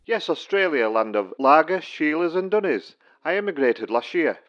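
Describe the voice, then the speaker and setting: A man's voice: on the high side, big pitch swings, normal speed, a bit bright. A help desk man, unfailingly polite yet dry and patronizing. His voice rises and falls a lot, and it sounds muffled, as if heard down a phone line. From Stocksbridge, England. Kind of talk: comic sketch acting.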